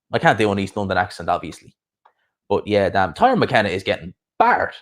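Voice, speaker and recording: A young man talks in a loose, rambling way, hopping from one aside to the next. His voice sits a little on the low side, and he keeps a relaxed, casual live-stream manner throughout. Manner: rambling, chatty, quick asides and laughs. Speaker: YouTube boxing streamer.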